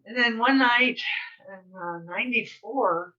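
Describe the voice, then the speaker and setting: Chatty older woman, bright voice. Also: fairly high pitch, measured pace. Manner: chatty, rambling, many fillers. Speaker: guest speaker. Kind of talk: casual storytelling. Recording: slightly distant, dull sound.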